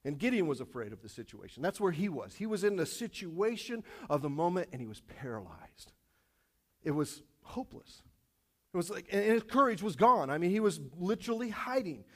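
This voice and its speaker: A man preaching a sermon to his congregation, animated and repetitive, dropping light self-aware jokes along the way. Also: high-pitched, a little fast. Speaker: pastor.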